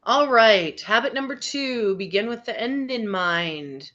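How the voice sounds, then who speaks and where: A woman's voice: fairly high pitch, expressive, measured pace, a bit bright. A woman teaching a session on people skills to teens, chatty and encouraging, with many asides. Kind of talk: classroom lesson over video call. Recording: dull lo-fi audio.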